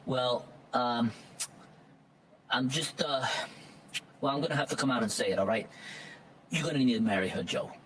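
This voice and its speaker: A man's voice: mid-range voice, normal speed, long pauses, fairly bright tone, a little hiss or hum, close to an everyday voice. A man doing a wiseguy mafia angel, distant. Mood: menacing. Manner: wiseguy gangster patter, threatening. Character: pushy male mafia-style angel messenger.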